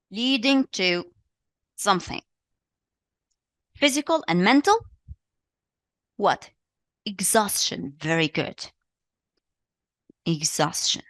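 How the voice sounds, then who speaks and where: A woman's voice: mid-range voice, no echo, clean studio sound. A woman with a Tunisian accent, a native Arabic speaker, giving a live English exam revision lesson, repeating answers and praising students often. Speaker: English teacher.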